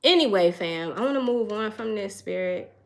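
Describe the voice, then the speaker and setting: A woman's voice: mid-range voice, lively intonation, normal speed, vocal fry. A young woman reads tarot cards for her viewers in a musing, searching way. She sighs often and restarts her sentences as she looks for the right words. Her tone stays earnest and emotional. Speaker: tarot reader. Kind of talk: intuitive tarot reading.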